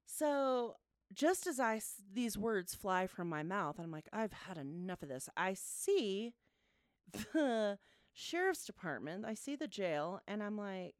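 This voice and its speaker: Animated laughing woman telling a story. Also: mid-range voice, takes it slowly, clean tone, no echo, clean studio sound. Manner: animated, laughing often, acts out quotes. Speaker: podcast co-host. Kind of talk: casual storytelling chat.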